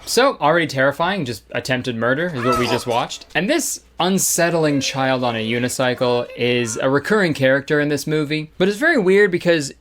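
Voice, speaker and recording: A man's voice: medium pitch, animated, a little fast, hardly any pauses, background noise. A man hosting comedic movie commentary, irreverent and joking, often laughing. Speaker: commentary host.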